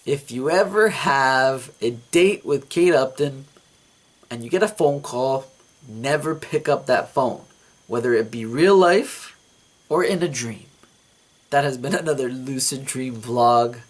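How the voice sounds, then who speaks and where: A man vlogs about a dream he had, telling it in a casual, animated way, repeating words and laughing at himself. His voice is medium-pitched and a little slow.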